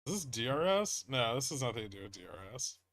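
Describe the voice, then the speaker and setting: Man, excitable livestream trader, bright voice, dry close sound. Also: mid-range voice, fast, no room sound. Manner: excitable, swearing, reacting to charts. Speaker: livestream host trading stocks. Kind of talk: casual live commentary.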